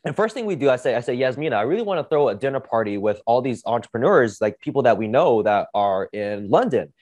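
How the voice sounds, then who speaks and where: Guy hosting a podcast, amped up, cursing constantly, mid pitch, dry sound. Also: quick pace, dry recording. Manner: energetic, profane, heavy use of "like". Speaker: podcast host. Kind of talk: casual storytelling monologue.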